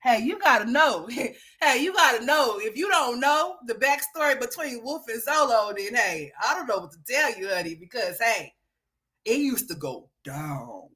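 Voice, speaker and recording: Brief: high-pitched woman host, sassy gossip commentary, teasing, laughs often. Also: big pitch swings, moderate pace, pushed and bright. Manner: sassy, teasing, laughs a lot, calls people girl and honey. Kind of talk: gossip commentary over played clips.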